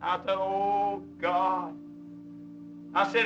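A man's voice: high-pitched, normal speed, sharp tone. A man preaching a fervent, folksy sermon in plain vernacular, breaking into hymn singing. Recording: old recording, voice a bit far from the mic, with music. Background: hymn music.

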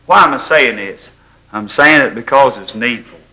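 A man preaching a sermon, telling folksy stories and rising into loud exhortation. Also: mid-range voice, normal speed, rough recording.

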